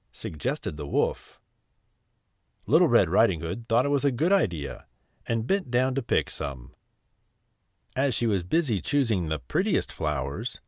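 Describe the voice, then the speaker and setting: A man reading a bedtime story aloud in a slow, soothing, expressive way. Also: on the low side, dry recording, clean studio sound.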